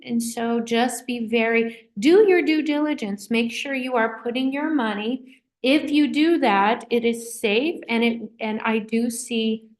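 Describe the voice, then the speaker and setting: Middle-aged woman, livestream host, rambling affectionate chat, slightly high voice. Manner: warm, rambling, affectionate asides to viewers. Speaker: psychic medium livestream host. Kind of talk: casual livestream chat reading viewer comments.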